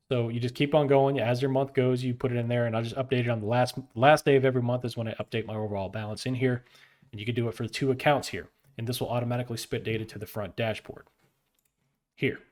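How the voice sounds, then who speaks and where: Casual man walking through a spreadsheet. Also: mid-range voice. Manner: loose, chatty explaining with slang and fillers. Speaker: tutorial host. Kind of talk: casual screen-share tutorial.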